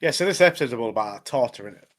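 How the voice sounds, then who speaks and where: Male co-host, everyday middle-pitched voice, rambling casual recap. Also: expressive, rapid-fire. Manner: rambling recap, many fillers like obviously and mate. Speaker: podcast co-host. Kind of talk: casual chat.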